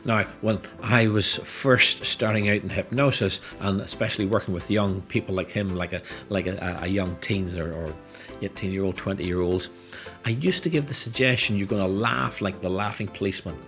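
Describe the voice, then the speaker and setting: Middle-aged male hypnotist, lowish voice, relaxed tutorial commentary with soft music under it. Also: normal speed. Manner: explanatory, casually talking through his own video.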